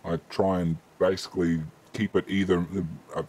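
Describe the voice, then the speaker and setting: A man with an Australian accent and a deep, husky voice hosts a laid-back live-stream Q&A. He talks in a relaxed, chatty way, reading out viewers' questions and filling pauses with ums. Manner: relaxed, chatty, reads chat questions aloud with frequent ums.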